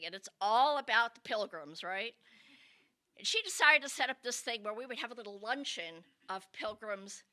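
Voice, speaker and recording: Woman, comic storyteller, expressive, very bright tone, lively ups and downs. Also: a little high. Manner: animated, expressive, conversational. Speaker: comedian and storyteller.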